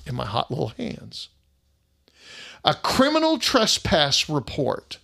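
A man's voice: on the high side, huge pitch swings, a little slow, gravelly, bright, forceful tone, slight background noise. A middle-aged man, a private investigator telling an indignant story in a casual monologue and acting out the other people's lines.

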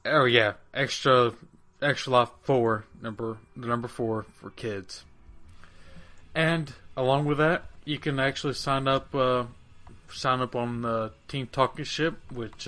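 A man's voice: medium pitch, fairly even intonation, a little slow, bright, forceful tone. A man hosting a casual podcast, loose and swearing freely. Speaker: podcast host. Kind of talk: casual chat.

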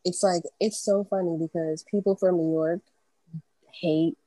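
A woman's voice: on the low side, steady tone, unhurried, warm tone, no echo, rough recording. A woman from Philadelphia chatting on a podcast in a bubbly, enthusiastic way. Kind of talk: casual chat.

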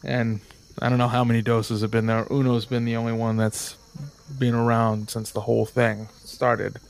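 A man's voice: medium pitch, little pitch movement, normal speed, creaky, slight background noise, lightly acted. A man voicing a weary, nervous male boat hand who talks hesitantly and stammers. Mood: solemn.

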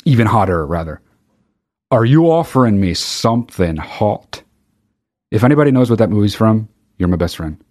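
A man's voice: lowish voice, big pitch swings, moderate pace, a little mellow. A man hosting a solo podcast, ranting in a heated, profane way and often restarting his sentences. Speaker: podcast host. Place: very hot recording space.

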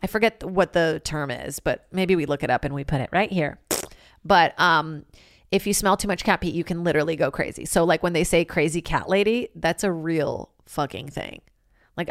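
A woman's voice: low voice, dry recording. Woman, solo comedy podcast host, rambling, profane, dry close sound. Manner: rambling and profane, switches into loud acted-out quotes.

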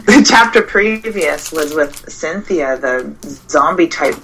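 A woman's voice: sits low, animated, slow, a bit bright, a little hiss or hum, rough recording. A woman, a horror writer, chatting casually and somewhat hesitantly about her writing. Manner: rambling, hesitant. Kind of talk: casual chat. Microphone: remote call mic with feedback.

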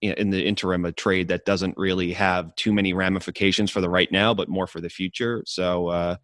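A man guest on a podcast, asking a question in a measured, hesitant way with many fillers. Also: low-pitched, flat delivery, fairly bright tone, no echo. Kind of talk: casual podcast interview.

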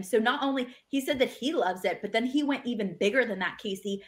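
A woman's voice: on the high side, normal speed. A woman co-hosting a sports podcast, chatting casually and reading out player quotes with energy. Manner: animated, reads out player quotes.

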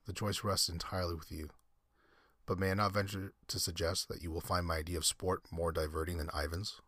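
A suave, cruel old general of refined manners, as a male storyteller puts him on. His courtly politeness carries quiet menace in a low, husky voice. The recording is close and dry. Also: level tone, a little fast, dry recording. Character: suave, cruel aristocratic old general who hunts men.

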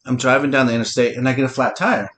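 A man's voice: medium pitch, fairly even intonation, racing, fairly bright tone, a little hiss or hum. A middle-aged man hosting a podcast and telling a long story in a casual, profane, teasing way. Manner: profane, teasing, talks to his listener directly. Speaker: podcast host.

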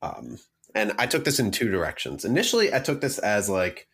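A man's voice: fairly low pitch, very animated, fairly quick, fairly bright tone, breathy edge. A man co-hosting a podcast, talking casually with many fillers and restarts. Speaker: podcast co-host.

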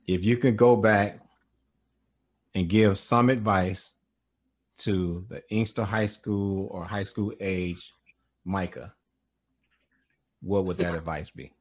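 A man hosting a podcast interview and asking questions in a measured, thoughtful way. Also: on the low side. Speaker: podcast host and high school educator.

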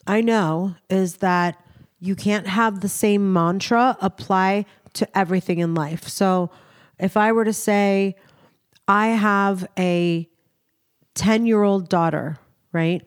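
A woman's voice: mid-range voice, fairly even intonation, takes it slowly, clean tone. Congested woman podcast co-host. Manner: chatty, rambling, enthusiastic. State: congested, nasal from a cold. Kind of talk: casual chat.

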